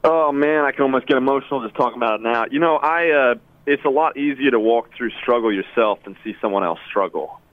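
A man being interviewed who speaks earnestly in a halting way, with frequent restarts, about personal struggles. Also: medium pitch, no room sound, narrow, tinny audio. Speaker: interviewed singer.

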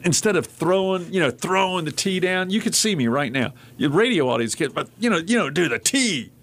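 A man's voice: sits high, brisk. A man hosting a talk radio show in casual chat, telling stories and acting out quotes in raised voices. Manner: animated storyteller, acts out quotes in raised voices.

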